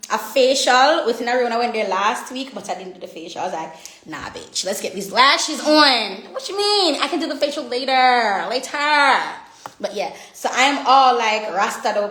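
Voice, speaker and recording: A woman's voice: on the high side, fairly bright tone. A young woman, chatting casually on a livestream and reading viewer comments aloud from her home. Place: home room. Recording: echoey room.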